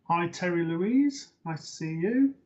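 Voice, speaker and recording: Male host, medium, chatty with fillers, higher voice, muffled stream audio. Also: a little slow. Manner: relaxed, hesitant with fillers. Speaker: psychic medium hosting a live show. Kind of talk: live-stream host talk.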